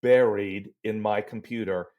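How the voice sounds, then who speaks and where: Animated middle-aged man telling stories. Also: on the low side, a little slow, lo-fi sound. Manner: animated storyteller, sings demo syllables. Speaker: voice teacher and guest. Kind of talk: podcast interview.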